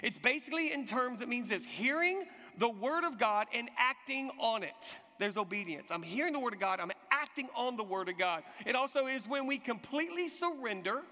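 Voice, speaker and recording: A man's voice: very high voice, fairly quick, hardly any pauses. A man in his forties preaching a sermon, telling stories with energy and leading the congregation in call-and-response. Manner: animated storytelling with call-and-response. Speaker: pastor. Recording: long hall reverb.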